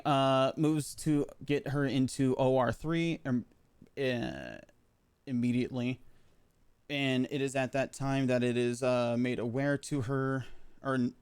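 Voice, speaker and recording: A man playing a medic in a roleplay game, recounting events in character, pausing often with fillers as he talks. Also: medium pitch, vocal fry, a little mellow, clean tone, dry recording. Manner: halting, filler-heavy recounting. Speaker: roleplay medic giving a statement.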